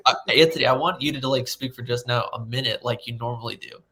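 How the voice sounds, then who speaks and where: A man's voice: medium pitch, fairly even intonation, quick pace, pushed and bright, breathy edge. A man co-hosting a casual podcast chat, joking and giving short reactions. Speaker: podcast co-host.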